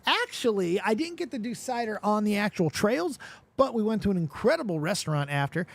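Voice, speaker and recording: A man hosting a live stream, chatting casually, reading viewer comments aloud and swearing freely in an animated way. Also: high voice, fairly quick, vocal fry. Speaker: livestream host.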